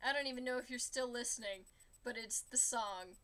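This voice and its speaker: A woman's voice: a little high, fairly quick, a bit bright. A woman streaming her art and chatting casually between songs she sings along to. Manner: sings show tunes along while drawing. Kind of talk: casual stream chat between sung covers.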